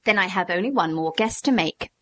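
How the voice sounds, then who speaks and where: A woman narrating a classic essay written as a dialogue, with a lively, theatrical reading. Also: fairly low pitch, fairly quick. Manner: lively, theatrical reading with raised questioning tones. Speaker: audiobook narrator.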